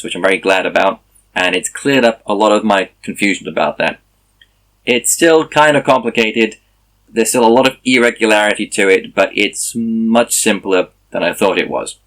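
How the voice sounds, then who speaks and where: Brief: tired male vlogger, low voice, chatty and self-correcting. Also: a bit bright. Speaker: language-learning vlogger. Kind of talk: casual video diary.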